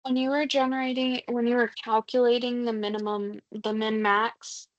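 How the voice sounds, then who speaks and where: A woman's voice: a little high, level tone, moderate pace, no room sound, dull audio. Woman carefully checking her understanding. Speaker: attendee. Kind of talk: question in a webinar.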